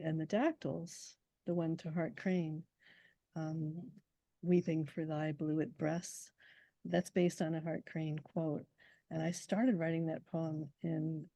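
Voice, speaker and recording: A woman poet speaks in a reflective interview, her voice low and gravelly with a mellow warmth. She talks thoughtfully and slows down to savor recited verse. The sound is dry and close. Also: no room sound, poor audio. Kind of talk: conversational interview with poetry recitation.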